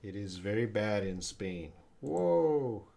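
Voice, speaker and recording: Casting note: male English teacher on a relaxed live stream, low voice, unhurried, sometimes turning away from the mic. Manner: relaxed, reads viewer questions aloud and explains with examples. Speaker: English teacher answering live chat questions. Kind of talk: casual livestream lesson.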